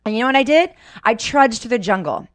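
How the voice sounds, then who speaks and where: Animated storytelling woman in her forties. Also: a little high, a little fast, no echo. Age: 40s. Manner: animated, swearing, vivid storytelling with acted-out inner quotes. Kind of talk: casual podcast chat, storytelling.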